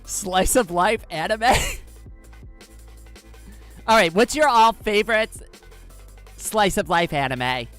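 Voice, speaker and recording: A woman chats casually with her viewers on a live stream, excitable and quick to giggle, filling her talk with "like". Her voice sits at an ordinary middle pitch for a woman. Faint music plays behind her. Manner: excitable, giggly, says "like" a lot.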